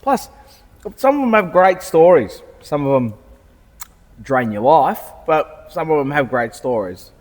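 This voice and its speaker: A man's voice: a little high, very animated, unhurried, big-room sound. A man, a car salesman and podcast co-host, chatting casually in a rambling way with frequent restarts and casual swearing. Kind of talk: casual chat. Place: car showroom.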